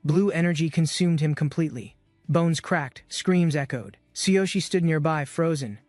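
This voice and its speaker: A man's voice: on the high side, moderate pace, a little mellow, no echo, soft background music. A man giving scripted, dramatic narration of a comic-book recap.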